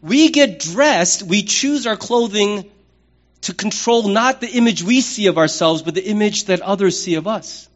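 A middle-aged man preaching a sermon as pastor, conversational and humorous, with lively acted-out asides. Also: sits high, a little slow, dull audio.

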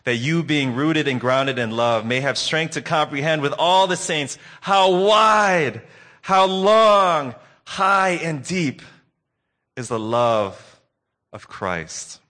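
A man preaching a sermon recap, earnest and telling a story with dramatic pauses. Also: fairly high pitch, animated, sharp tone.

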